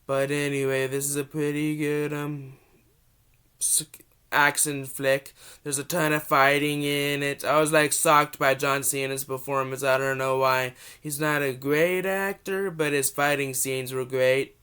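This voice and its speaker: A young man with a cold giving a casual, rambling movie review vlog, often restarting his sentences and gushing with excitement. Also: fairly high pitch, measured pace, smooth. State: has a cold.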